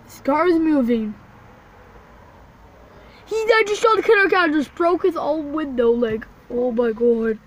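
A woman vlogging from in and around a car, jumpy and playful, swinging between hushed whispers and loud exclamations. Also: sits high, lively intonation, unhurried, pauses often. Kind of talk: playful make-believe vlog. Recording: noisy handheld recording.

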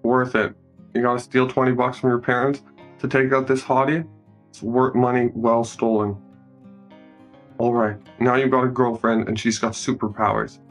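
A man giving a casual, joking movie recap, commenting on each scene as it unfolds. His voice sits in an ordinary middle range. Soft music plays faintly in the background. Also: mid-range voice, little pitch movement, moderate pace. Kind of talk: casual improvised movie narration.

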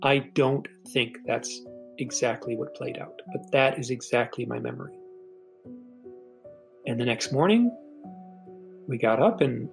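Faint music plays behind a middle-aged podcast guest as he earnestly recounts a personal story, stumbling and repeating words at the starts of sentences. His voice is medium-pitched and gravelly, and the recording is rough.

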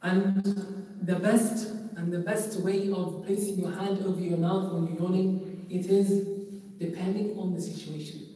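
Male teacher, flat and dark voice, quizzes his class and repeats himself. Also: high voice, measured pace. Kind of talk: classroom lesson with questions to students. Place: large echoing mosque hall. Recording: roomy hall echo, distant mic.

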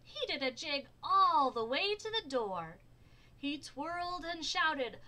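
A woman librarian reading a rhyming picture book aloud for storytime, slow and expressive. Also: high voice, rough recording. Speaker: children's librarian.

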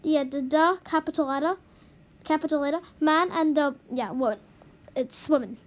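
A woman's voice: high voice, moderate pace. A woman vlogging as she works through a language lesson, puzzled and giggly, sounding out new words to herself. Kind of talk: casual commentary while doing a language lesson.

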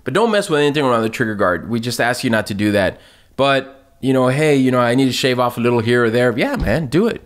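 Brief: relaxed male company owner, casual chatty delivery, mid-pitched, frequent laughs. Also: fast. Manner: laid-back, says "man" and "dude" often, laughs a lot. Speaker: company owner answering viewer questions. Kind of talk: casual chat.

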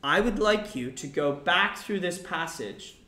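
A man's voice: high-pitched, measured pace, echoey room. A man teaching a class about a play, explaining lines and acting out quotes with energy. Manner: animated, acts out quoted lines.

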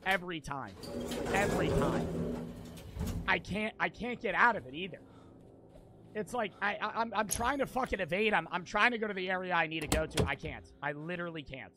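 A young man streaming a horror game, swearing constantly and repeating himself as he swings between muttering and yelling. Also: high voice, brisk, noisy background. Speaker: gaming streamer. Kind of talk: frustrated let's-play commentary.

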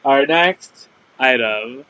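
A man's voice: medium pitch, extremely slow, bright, forceful tone, slight background noise, low-quality recording. A man hosting a live resale stream, chatting casually and filling his talk with "like". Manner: chatty, full of "like" fillers. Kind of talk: casual live sales chat.

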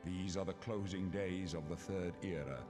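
A man voicing a grave, dying old emperor as a game's opening narrator, speaking deep, slow and solemn. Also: steady tone, close to an everyday voice. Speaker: game narrator. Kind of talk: scripted game narration. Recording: game audio with loud music under it.

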